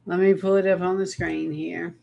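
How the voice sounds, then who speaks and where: A man's voice: sits high, level tone, normal speed, creaky, warm tone, muffled recording. A man hosting an online show, chatting casually to his viewers while he sets up a clip. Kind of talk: casual commentary.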